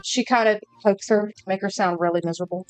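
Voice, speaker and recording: A woman's voice: medium pitch, fairly even intonation, fast, clear, resonant tone, faint music behind. A woman player at a tabletop role-play game, moving between narration and speaking in character. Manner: shifts between narrating her character and pleading in a tearful put-on voice.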